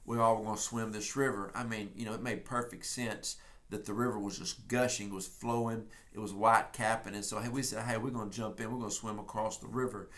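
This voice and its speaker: A man from Texas delivers a prophetic sermon in his Texan accent, occasionally breaking into casual stories. His voice is on the low side and a bit bright, with fairly even intonation, and his folksy, emphatic delivery speeds up and slows down.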